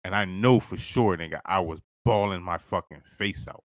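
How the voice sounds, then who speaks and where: A man's voice: low-pitched, moderate pace, no echo. A man hosting a podcast, telling a personal story in casual, slangy talk, laughing often and calling the listener "bro". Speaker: podcast host.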